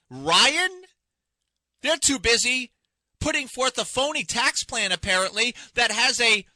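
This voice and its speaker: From a radio studio, a man hosting a talk radio show delivers an impassioned, indignant monologue packed with rhetorical questions. His voice is very high-pitched, bright and forceful, captured dry on a studio microphone.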